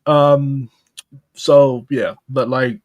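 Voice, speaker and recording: A man's voice: medium pitch, fairly even intonation, drawn-out words, a little mellow, no echo, highs cut off. Dry, swearing young man podcast host. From St. Louis, US. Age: young adult. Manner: loose and profane, heavy on "like". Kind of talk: casual podcast chat.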